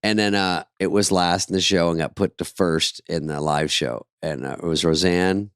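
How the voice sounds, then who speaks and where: Low-voiced wry man chatting. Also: steady tone, clean tone, dry recording, clean studio sound. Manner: wry, quick, profane asides. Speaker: podcast co-host. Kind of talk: casual chat.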